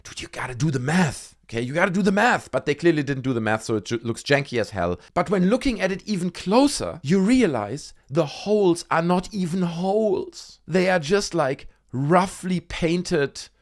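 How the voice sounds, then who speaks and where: A man's voice: a little high, expressive, normal speed, hardly any pauses. A young man hosting a casual commentary video, talking with animation and sarcasm and calling his viewers dude. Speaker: video host.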